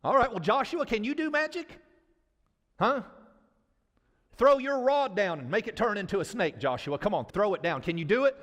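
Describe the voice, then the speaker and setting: A man's voice: sits high, animated, moderate pace, pauses often, a bit bright. A man voicing an impatient Israelite who pushes and badgers Joshua to perform miracles. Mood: demanding. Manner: pushy, badgering and demanding. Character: impatient demanding Israelite crowd member, man. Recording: long church-hall reverb.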